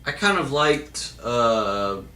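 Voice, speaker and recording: Bright-voiced man in casual Q&A. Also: mid-range voice, big pitch swings, slow pace, echoey room. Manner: hesitant, many fillers and restarts. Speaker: vlogger answering viewer questions. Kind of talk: casual Q&A monologue.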